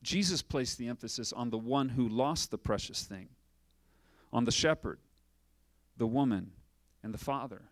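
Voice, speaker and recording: A man's voice: mid-range voice, expressive, normal speed, no echo. A man preaching a sermon as pastor, asking rhetorical questions and acting out little dialogues.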